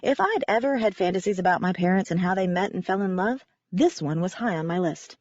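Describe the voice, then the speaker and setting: A woman's voice: lowish voice, expressive, fairly quick, darkish tone. A woman narrating a first-person audiobook in a wry, conversational way. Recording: dry, slightly dull recording.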